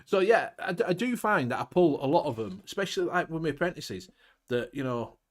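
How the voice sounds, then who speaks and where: A man with a Northern English accent runs a relaxed online chat show. He talks bluntly and chattily, dropping in local slang and the odd swear word. His voice sits a little higher than most men's. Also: fairly quick. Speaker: host of a vaping live show. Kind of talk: casual live-stream chat.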